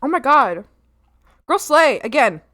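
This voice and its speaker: A woman's voice: high voice, very animated, measured pace, fairly bright tone. A young woman streamer chatting casually, giggling often and swearing freely while she eats. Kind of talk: casual livestream chat.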